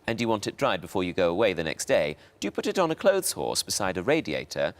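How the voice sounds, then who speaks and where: A man's voice: deep voice, sing-song, fast. Man reading fan questions, teasing and playful, voice that swoops all over. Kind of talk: casual chat.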